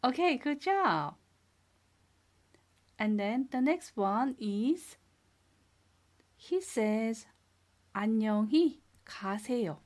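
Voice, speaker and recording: A woman teaching a beginner language lesson, speaking slowly and clearly, repeating each word and praising the learners. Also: on the high side, lively intonation. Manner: patient, drills words twice and praises learners. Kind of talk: slow, clear classroom instruction.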